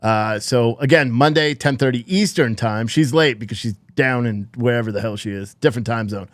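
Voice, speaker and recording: A man's voice: medium pitch, a little fast, no echo, clean studio sound. A man hosting his own live stream, chatting casually and rambling through announcements with lots of fillers. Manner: rambling, loose, filler-heavy. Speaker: channel host.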